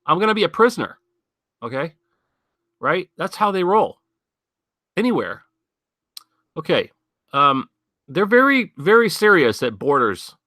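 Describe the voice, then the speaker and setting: Bright-voiced man rambling through news. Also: on the high side, big pitch swings, a little slow, long pauses, no echo, clean studio sound. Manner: rambling, sardonic, thinking aloud with many fillers. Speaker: podcast host. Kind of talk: casual news commentary.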